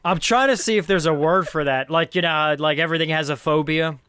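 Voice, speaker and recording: A high-pitched man hosts a casual film podcast. He rambles, thinks out loud and laughs often as he goes. The recording is dry and close, with no room sound. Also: brisk, clear, resonant tone, dry recording. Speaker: podcast host.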